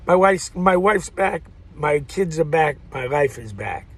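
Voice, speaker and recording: A man in his fifties from the United States, talking straight to his viewers in an agitated, racing, rambling monologue full of swearing and sudden shouting. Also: fairly high pitch, measured pace, breathy edge. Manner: excitable, profane, rambling with frequent bursts of shouting. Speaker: vlogger addressing viewers. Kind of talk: rambling direct-to-camera monologue.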